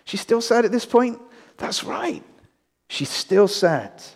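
A middle-aged man, a pastor, giving an animated children's talk in a sermon and often asking the audience questions in a large church hall. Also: sits high, slow. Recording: long reverb of a large hall.

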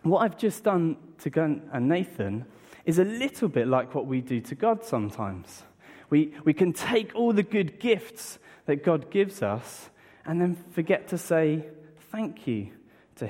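A man giving a lively children's talk at a church service, acting excited with gasps and questions to the audience. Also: on the high side. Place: church hall. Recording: long reverb in a large hall, from a distance.

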